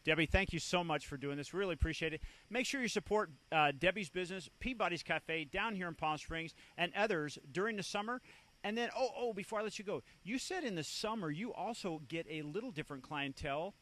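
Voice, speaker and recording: A man's voice: sits high, expressive, fairly quick, a bit bright. A man hosting a local show, interviewing a guest in a cafe in an upbeat, promotional way. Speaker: host. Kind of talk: casual interview. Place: inside a cafe.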